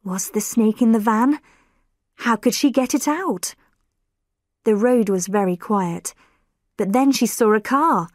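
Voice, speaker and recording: A woman reading a graded story for English learners aloud, slow and clear, lightly lifting her voice for quoted lines. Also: on the high side, no room sound, clean studio sound. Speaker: audiobook narrator.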